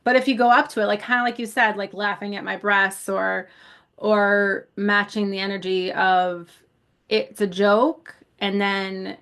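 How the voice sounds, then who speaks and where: A woman's voice: mid-range voice, level tone, unhurried, fairly bright tone, clean tone. Chatty woman telling stories. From South Buffalo, New York. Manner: rambling storyteller, swears casually, laughs often. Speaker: podcast co-host. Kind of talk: casual chat.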